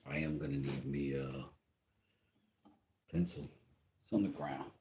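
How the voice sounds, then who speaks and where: Working with wood on a livestream from his workshop, this man makes casual conversation, cracking jokes and saying hello to viewers. His voice is a rumbling low with a flat, unhurried delivery, set against a noisy background.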